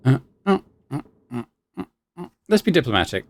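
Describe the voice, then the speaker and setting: A man's voice: fairly low pitch, sing-song, moderate pace, long pauses, slight background noise. A man hosting a let's play, reading the game's text aloud with wry asides and some hesitations. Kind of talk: reading game text and commenting.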